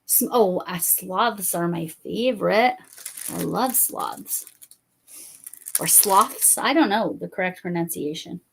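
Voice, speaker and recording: A woman's voice: lowish voice, animated, takes it slowly, vocal fry, a bit bright, slight background noise. A woman hosting a casual live stream, chatting and rambling with many fillers.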